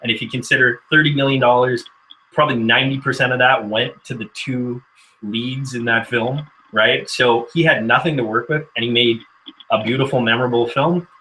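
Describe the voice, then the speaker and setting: A man's voice: mid-range voice, steady tone, a little fast, pushed and bright, a little hiss or hum, poor audio. A man from Canada chatting casually on a film panel, talking freely and laughing often.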